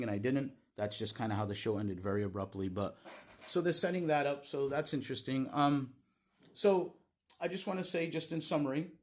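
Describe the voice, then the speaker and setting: A man's voice: on the low side, darkish tone. A man giving a casual, opinionated recap of a wrestling show in a chatty storytelling way. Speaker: wrestling vlogger.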